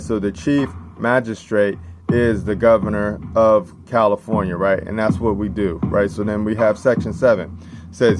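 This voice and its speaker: A man giving a casual, emphatic lesson, reading out constitution passages and checking in with "right?" after each point. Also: on the low side. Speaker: civics teacher. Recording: steady background noise.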